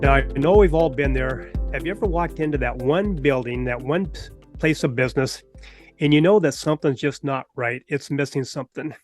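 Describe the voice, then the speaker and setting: A man hosting a podcast, telling a personal anecdote in an animated storytelling manner. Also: medium pitch, fairly quick, faint music behind. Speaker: podcast host.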